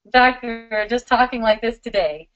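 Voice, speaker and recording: A woman's voice: on the high side, a little fast. Giggly upbeat woman, lo-fi stream. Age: middle-aged. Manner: warm, giggly, loving and upbeat. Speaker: spiritual teacher hosting a live Q&A. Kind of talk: casual live-stream Q&A.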